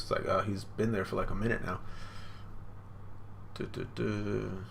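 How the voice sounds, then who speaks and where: A man's voice: on the low side, fairly even intonation, normal speed, creaky, long pauses, a bit bright, slight background noise. A man hosting a live manga reaction, rambling and unsure, with lots of fillers.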